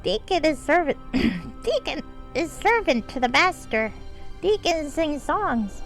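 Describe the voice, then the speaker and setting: A woman voicing a timid, fawning male kobold bard who talks in broken grammar and refers to himself by name, in a high squeaky voice. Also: very animated, slow, faint music behind, full character voice, poor audio. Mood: frightened. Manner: high squeaky voice, some lines strained and out of breath. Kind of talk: live game-stream character voicing.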